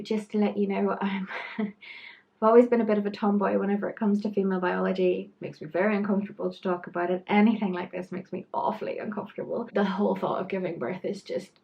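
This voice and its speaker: A woman's voice: medium pitch, vocal fry, darkish tone, highs cut off. A young woman giving frank, chatty pregnancy advice to camera, trailing into asides. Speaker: pregnancy vlogger. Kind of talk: casual talk-to-camera advice.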